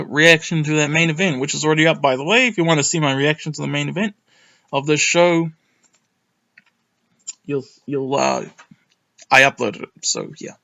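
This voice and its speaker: A young man recapping a wrestling show in a rambling, excitable way, with lots of ums and some swearing. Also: a little high, lo-fi sound. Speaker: wrestling reviewer. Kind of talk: casual recap monologue.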